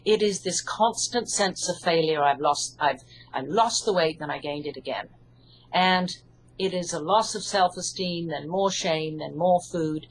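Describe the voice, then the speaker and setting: A woman with an English accent, an author and hypnotherapist, calmly explaining her ideas in an interview. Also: lowish voice, a little hiss or hum, poor audio. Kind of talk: interview answers.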